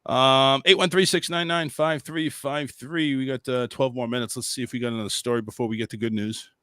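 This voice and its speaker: A man's voice: medium pitch, fairly even intonation, brisk, bright, forceful tone, clean tone, dry recording. A man hosting a call-in talk show, reading memes aloud and joking with a crude, profane streak. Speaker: radio show host. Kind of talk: casual call-in show banter.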